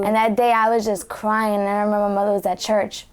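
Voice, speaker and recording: A woman's voice: mid-range voice, flat delivery, quick pace, hardly any pauses, clear, resonant tone. A young woman telling an emotional personal story, full of fillers.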